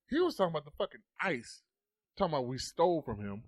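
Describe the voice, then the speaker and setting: Fast, animated man telling a story. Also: fairly high pitch, no echo. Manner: animated, swears often, acts out voices. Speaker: podcast guest. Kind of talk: casual storytelling.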